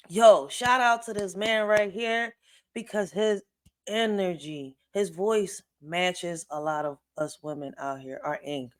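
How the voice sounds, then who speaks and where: A woman's voice: fairly low pitch, takes it slowly. A woman hosting a reaction video in casual, rambling commentary full of fillers. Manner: rambling, many fillers, earnest.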